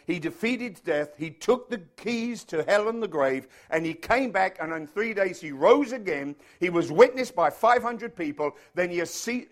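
A male preacher delivers a sermon in a high, lively voice. His pitch leaps and falls as he presses each point. He is emphatic and picks up speed when he slips into a story. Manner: animated, emphatic, quickens into anecdotes.

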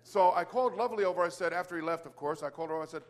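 High-voiced man preaching a testimony. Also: very fast, few pauses. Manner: animated, repeats words, exclaims hallelujah. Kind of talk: testimony sermon storytelling.

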